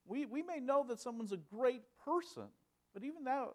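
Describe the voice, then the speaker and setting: Man preaching, from loud to hushed. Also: extremely high pitch, expressive, normal speed. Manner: swings from loud emphasis to hushed, quiet delivery; asks rhetorical questions. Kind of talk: sermon.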